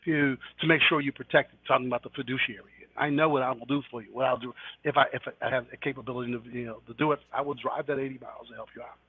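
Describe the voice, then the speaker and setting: A man, an insurance agent on a podcast, talking in rapid, emphatic bursts and repeating himself in a streetwise way. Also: mid-range voice, fairly even intonation, breathy edge, dry recording, phone-quality sound. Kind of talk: casual podcast chat. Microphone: remote call line.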